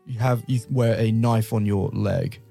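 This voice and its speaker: A man's voice: lowish voice, unhurried, gravelly, slightly rough, faint music behind. A man from the United Kingdom chatting casually, explaining stereotypes with frequent chuckles. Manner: relaxed, chuckling, explains at length. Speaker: guest explaining British stereotypes. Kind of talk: casual chat.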